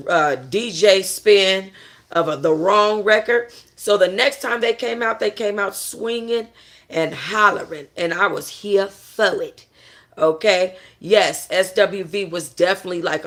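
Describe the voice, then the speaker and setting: A music review vlogger with an unhurried delivery and a gravelly, crackly edge to a bright, forceful tone. The talk is gossipy and blunt, full of profanity and aimed straight at the viewers. It stays opinionated and expressive throughout. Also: mid-range voice. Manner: animated, blunt and profane, with mocking impressions.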